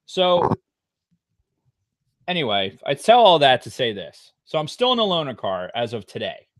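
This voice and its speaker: A middle-aged man co-hosting a podcast, telling a long story in a casual, profane way with loud outbursts. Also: mid-range voice, wildly swooping pitch, moderate pace. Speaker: podcast co-host.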